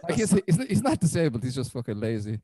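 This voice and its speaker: A young Irish man doing a stand-up comedy set on a club stage, deadpan and self-deprecating, with frequent swearing. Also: medium pitch, quick pace, a crowd in the background, rough recording. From Ireland.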